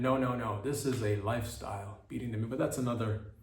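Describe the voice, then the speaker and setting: A man's voice: medium pitch, fairly even intonation, quick pace, slight background noise. Man preaching absurd mock-motivational comedy, roomy echo. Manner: mock-motivational, preachy and absurd, slips into silly quoted voices. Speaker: comedy podcast host. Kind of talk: rambling comic monologue. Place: hot indoor room.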